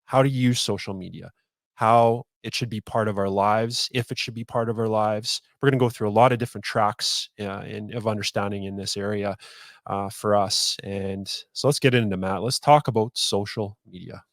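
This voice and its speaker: A man co-hosting a faith podcast, introducing the topic in a relaxed, casual way. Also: fairly low pitch, moderate pace, no echo, clean studio sound. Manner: relaxed, affirming, brief interjections. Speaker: podcast co-host.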